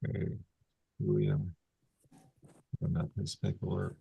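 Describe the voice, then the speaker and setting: Low-voiced judge reading formal warnings. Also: male voice, vocal fry, breathy edge, narrow, tinny audio. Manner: measured, reads plea warnings in a steady formal cadence. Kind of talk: formal court hearing. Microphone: video call.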